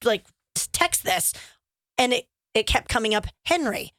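A woman's voice: a little high, a little slow, dry recording, clean studio sound. A woman co-hosting a radio show, chatting casually and acting out quotes as she tells stories. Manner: animated storyteller acting out quotes. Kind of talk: casual chat.

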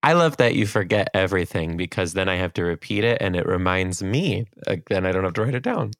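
A woman's voice: rumbling low, expressive, fast talker, no echo. Teasing young woman, dry close sound. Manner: teasing, sarcastic. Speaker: podcast co-host. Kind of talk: casual chat.

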